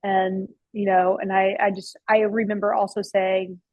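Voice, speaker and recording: A woman chef and barbecue restaurant owner talks through her stories in a relaxed interview. She rambles with lots of fillers and restarts and drops a casual swear now and then. Her voice sits at a middle pitch and sounds close and dry, with no room around it. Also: moderate pace, dry recording, dull audio. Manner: chatty, with frequent restarts and fillers.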